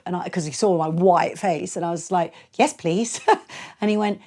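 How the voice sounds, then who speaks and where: Blunt, animated woman storyteller. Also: lowish voice, a little fast. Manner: blunt, animated, acts out quotes, laughs often. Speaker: DJ and producer, interview guest. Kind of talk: candid storytelling in a podcast interview.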